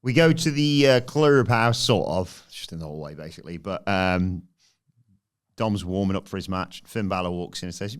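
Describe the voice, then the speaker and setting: Man recapping with animated voices. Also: normal speed, smooth. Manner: animated, acts out quotes in high put-on voices. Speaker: podcast co-host. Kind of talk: casual recap of a wrestling show.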